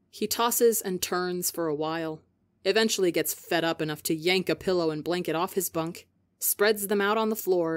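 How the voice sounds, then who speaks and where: Woman narrating a sci-fi story, fairly low voice, calm and measured, dry close mic. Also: no room sound. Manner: calm, measured, softly dropping asides. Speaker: podcast reader. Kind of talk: audiobook reading of fan fiction.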